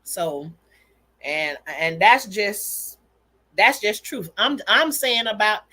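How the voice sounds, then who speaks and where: A woman's voice: medium pitch, animated, slow pace, sharp tone. A woman hosting a casual livestream, telling stories about family and her kids with candid emphasis and frequent laughter. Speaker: livestream host and mother.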